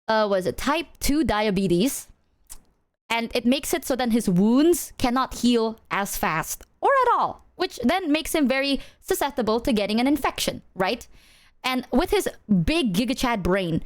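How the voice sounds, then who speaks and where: A woman streamer chatting casually with her viewers, telling rambling stories and swearing freely. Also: fairly high pitch.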